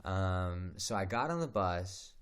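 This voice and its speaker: Young male streamer, low voice, casual and profane, animated storyteller. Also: slow, clear, resonant tone. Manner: profane, animated, acts out quotes. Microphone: home streaming mic.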